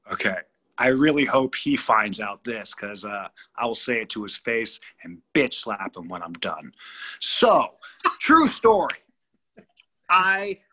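A man's voice: mid-range voice, bright, forceful tone. A man in his thirties from California, a guest telling a story in an interview, rambling and emphatic with many restarts. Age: 30s.

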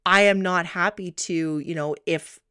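A woman co-hosting a casual podcast, telling stories in an animated, chatty way. Her voice sits a little low, and the recording is dry and close. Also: measured pace, smooth, no room sound. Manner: chatty, animated storytelling with laughs. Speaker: podcast co-host. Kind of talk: casual chat.

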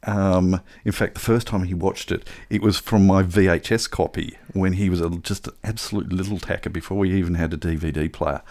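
A man's voice: sits low, fairly even intonation, a little fast, few pauses, a little mellow. A middle-aged man telling a long, earnest, rambling story with many fillers during a comedy panel game. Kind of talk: comedic bluffing game chat.

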